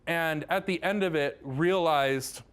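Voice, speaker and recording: Chatty, excitable man giving a lecture. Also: fairly high pitch, slow pace, smooth. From Southern California. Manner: chatty, enthusiastic, self-deprecating, many "right?" asides. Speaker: math professor. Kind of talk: public lecture.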